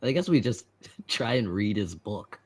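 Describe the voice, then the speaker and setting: A man's voice: fairly low pitch, measured pace, slightly rough. A man playing a tabletop game, slipping into character with frequent laughter. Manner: laughs often, lively. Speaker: player.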